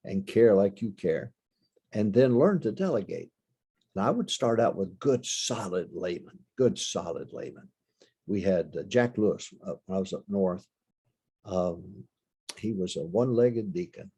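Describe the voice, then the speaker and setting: Older male preacher, husky and mellow, folksy teaching style that drives points home by repeating them. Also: sits low. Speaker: pastor. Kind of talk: leadership teaching talk.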